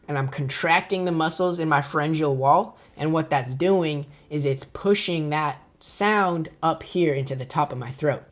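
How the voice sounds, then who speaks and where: A young man giving a casual, chatty spoken tutorial, explaining things step by step in an informal way. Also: a little high. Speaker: voice tutorial creator.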